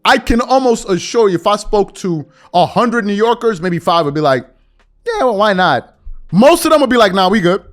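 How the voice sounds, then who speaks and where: Animated high-voiced New sports talker. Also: male voice, normal speed. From New York. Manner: animated, slangy, acts out fans' voices. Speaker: podcast host. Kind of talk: casual sports commentary.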